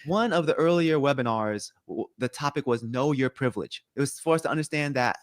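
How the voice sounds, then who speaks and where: A man reading a scripted video narration about his workplace in a measured, matter-of-fact way. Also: medium pitch, no room sound, studio quality.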